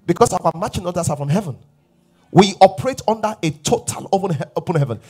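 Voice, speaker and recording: A husky-voiced male pastor delivers an emphatic sermon. His pitch swings widely and sits a bit high for a man. He leans on repeated refrains and sometimes drops to a whisper, with faint music underneath. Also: animated, fast talker, mellow.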